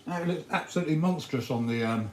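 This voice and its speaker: A man's voice: on the high side, quick pace, darkish tone. Chatty man in an echoey room. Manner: chatty, rambling, talks while eating. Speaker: RC hobby livestream host. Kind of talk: casual livestream chat reading comments. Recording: echoey room with faint noise.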